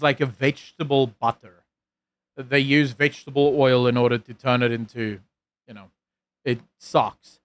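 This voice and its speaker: A South African man streaming and reading his chat aloud. His voice sits a touch high, and his accent leans American. He rambles in a loose, self-mocking way, full of ums and restarts. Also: fairly bright tone, smooth, no echo. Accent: South African with an American-leaning lilt. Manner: rambling, self-deprecating, many fillers and restarts. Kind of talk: casual live-stream chat.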